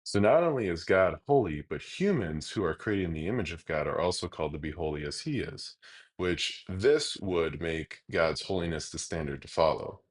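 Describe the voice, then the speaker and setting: A man teaching a Bible lesson in a relaxed, explanatory way, often pausing with hesitations as he talks. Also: low-pitched. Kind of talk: casual teaching monologue.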